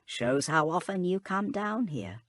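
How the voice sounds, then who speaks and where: A man voicing a scrawny old female tech-adept archivist, speaking in an eager, wistful, husky voice. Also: fairly low pitch, big pitch swings, measured pace, no room sound, voice pushed up.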